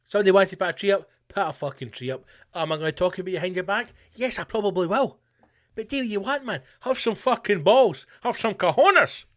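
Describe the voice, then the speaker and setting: A man's voice: high voice, fast talker. A Scottish man hosting a podcast, delivering a profane, ranting comic monologue with mock-rallying slogans. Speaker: podcast host.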